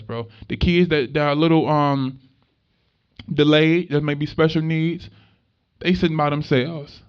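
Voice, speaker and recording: A young man giving a motivational talk to students, telling stories in an animated, conversational way with street slang. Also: a little high. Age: young adult. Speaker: motivational speaker. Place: room with a live student audience. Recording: dull lo-fi recording.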